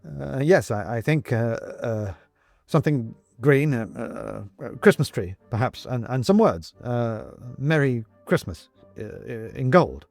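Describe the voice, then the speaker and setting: A man's voice: mid-range voice, animated, a little slow, gravelly, darkish tone, no echo, faint music behind. A man voicing a frightened, flustered little man who stammers and panics.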